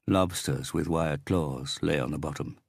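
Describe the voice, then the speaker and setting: A man reading a thriller audiobook in a steady, grave storytelling manner. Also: extremely low pitch, unhurried, vocal fry, slightly rough, no echo, studio quality. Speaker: audiobook narrator. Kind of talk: scripted audiobook narration.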